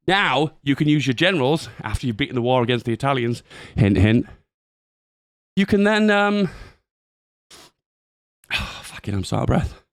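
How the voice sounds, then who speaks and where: A young man giving excitable, laughing commentary on a game update. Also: medium pitch, dry recording, clean studio sound. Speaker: gaming YouTuber.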